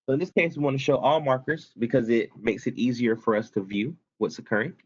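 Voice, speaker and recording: A man's voice: mid-range voice, a little fast, darkish tone, breathy edge, lo-fi sound. A man instructor talking students through a spreadsheet tutorial step by step, casual and self-correcting as he goes. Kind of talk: screen-recorded software tutorial.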